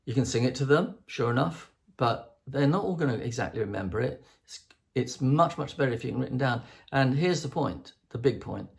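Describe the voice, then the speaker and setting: A man's voice: medium pitch, lively intonation, a little fast, gravelly. An older man chatting alone to camera, rambling, restarting often and singing out rhythms to make his point. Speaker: host. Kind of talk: rambling solo chat to camera.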